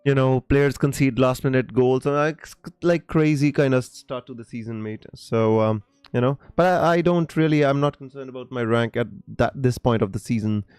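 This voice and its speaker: Smooth-voiced man chatting on a live stream. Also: medium pitch, moderate pace, a little mellow, dry recording, faint music behind. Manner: hesitant, many fillers and restarts, calls viewers mate; reads viewer comments aloud. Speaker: live stream host answering viewer questions. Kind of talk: casual live stream chat.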